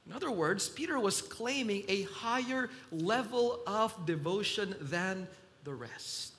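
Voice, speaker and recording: A man preaching a sermon in a slow, emphatic delivery that swells loud and drops soft. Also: sits high, animated.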